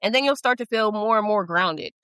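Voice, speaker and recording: A woman's voice: medium pitch, brisk, fairly bright tone, clean tone, dry recording. A middle-aged woman hosting a casual podcast chat, talking candidly and with self-deprecating humor. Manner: candid, self-deprecating, chatty with frequent likes and you-knows. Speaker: podcast host.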